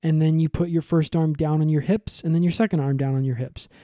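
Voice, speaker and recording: A man co-hosting a comedy podcast, recapping in a rambling, deadpan way with lots of fillers. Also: fairly high pitch, a little fast, no echo, clean studio sound.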